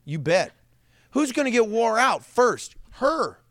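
A man preaching with a fairly high voice, animated and storytelling, breaking into laughs. The sound is dry and close. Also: slow pace, no room sound. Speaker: pastor. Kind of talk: sermon.

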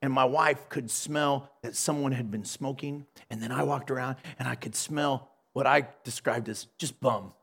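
A man's voice: mid-range voice, fairly even intonation, moderate pace, vocal fry, hardly any pauses, fairly bright tone, slightly rough. A man preaching as a pastor, telling a story animatedly, acting out the dialogue and laughing along. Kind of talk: storytelling sermon.

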